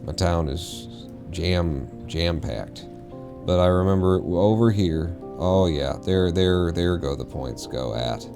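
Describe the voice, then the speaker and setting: Man, gravelly, very low, casual streamer, profane rambling, faint background music. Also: slow. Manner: rambling, profane, mumbling to himself. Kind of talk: casual live-stream gameplay chatter.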